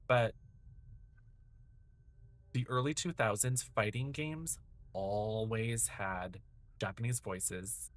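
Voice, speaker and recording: A man in his thirties streaming a horror game, chatting to viewers in a rambling, profane way. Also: on the low side. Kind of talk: casual gameplay commentary.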